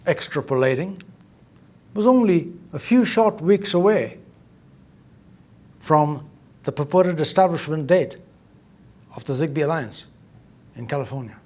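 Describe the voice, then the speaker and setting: A man's voice: on the high side, animated, unhurried, pauses often, darkish tone. A man making an emphatic, accusatory statement at a press conference, repeating his key phrases. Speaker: inventor speaking at a press conference.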